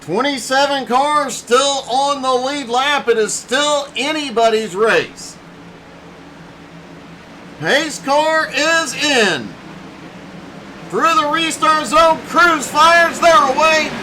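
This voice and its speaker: High voiced guy calling a sim race, slow deliberate delivery, giggles a lot, headset mic. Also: a little hiss or hum, low-quality recording. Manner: excitable, laughs often between calls. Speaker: race commentator. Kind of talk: sim racing broadcast commentary.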